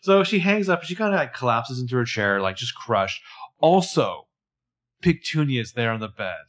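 A podcast co-host with a medium-pitched, fairly bright voice casually recaps a TV episode at a moderate pace. He's animated and jokey, acting out characters' lines in passing.

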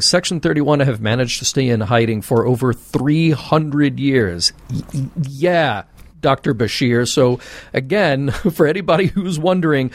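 With a mid-range voice and no echo, a man co-hosts a podcast, chatting casually and emphatically and exclaiming often.

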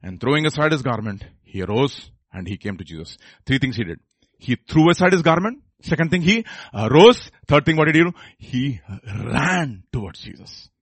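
A man preaching a sermon. He swings between loud emphatic bursts and hushed intensity, repeating phrases and putting questions to the audience. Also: medium pitch, sing-song, normal speed, slightly rough, no room sound.

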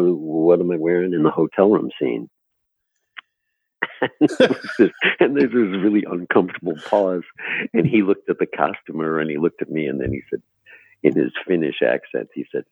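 A man's voice: deep voice, big pitch swings, moderate pace, vocal fry, husky, dry recording, narrow, tinny audio. A man guest telling anecdotes about his acting work in an interview, laughing often and poking fun at himself. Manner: laughing, storytelling, self-deprecating. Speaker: actor guest.

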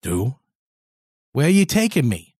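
A man's voice: wildly swooping pitch, measured pace, darkish tone, no echo, clean studio sound. A man voicing a frightened adult male showman held captive, pleading and anxious in a raised voice. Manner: anxious, pleading, higher-pitched. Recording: voice over clear background music.

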